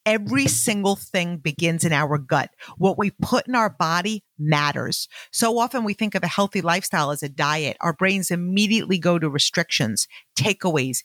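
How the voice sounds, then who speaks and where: A woman telling lively personal business stories in a motivational talk, acting out the dialogue and speaking straight to her listeners. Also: fairly low pitch, normal speed, hardly any pauses, dry recording. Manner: animated, acts out quoted dialogue, addresses listeners as "you guys". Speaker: network marketing business owner.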